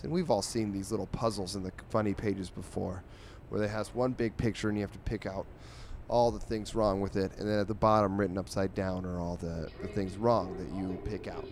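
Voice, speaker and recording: A man hosting a podcast, reading comic strips aloud in a sarcastic, animated way and jumping his pitch when he quotes the characters. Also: fairly quick, a little hiss or hum. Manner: sarcastic, animated, voices quoted lines with big pitch jumps. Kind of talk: casual comedic monologue.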